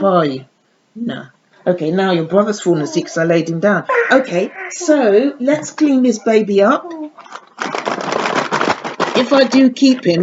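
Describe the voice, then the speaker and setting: A woman chatting casually while unboxing a baby doll, often cooing to her dolls in sing-song baby talk. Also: medium pitch. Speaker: doll collector vlogger. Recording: dull lo-fi audio with clear background noise.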